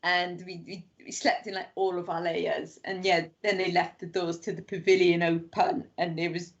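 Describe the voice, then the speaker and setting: A woman's voice: fairly low pitch, little pitch movement, normal speed. A young woman in casual podcast chat, telling rambling stories full of "like" and acted-out quotes. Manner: rambling storyteller, lots of "like", acts out quotes. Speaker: guest. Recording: dull lo-fi podcast audio.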